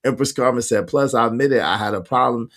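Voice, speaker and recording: A man's voice: mid-range voice, fast, fairly bright tone. A man hosting a casual livestream, reading viewer comments aloud in a slangy, emphatic way with speech and frequent laughter. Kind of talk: casual chat.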